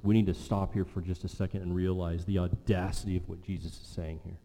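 A male pastor delivering a sermon, slow and emphatic, with rhythmic repetition, in a church. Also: low-pitched, level tone, dark tone. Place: church sanctuary. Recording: long reverb of a large hall.

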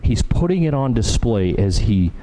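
A man's voice: medium pitch, big pitch swings, normal speed, dark tone, slight background noise, poor audio. A man preaching a verse-by-verse sermon as pastor, earnest and building emphasis through repeated phrases. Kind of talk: expository sermon.

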